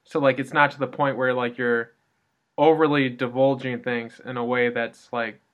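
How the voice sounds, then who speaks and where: A man's voice: mid-range voice, level tone, normal speed, fairly bright tone. Chatty American man, lo-fi. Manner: chatty, tangential, heavy use of "like". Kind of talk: casual chat. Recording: dull lo-fi recording.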